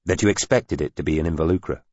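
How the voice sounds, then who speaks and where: A man voicing a patient male envoy who asks measured, probing questions in an audiobook. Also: very deep voice, darkish tone, no room sound, muffled recording.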